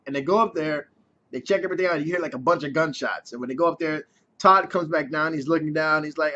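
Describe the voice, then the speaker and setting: A man's voice: fairly high pitch, quick pace, fairly bright tone. A man casually reviewing a TV episode in a chatty way, swearing freely. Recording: dull lo-fi recording.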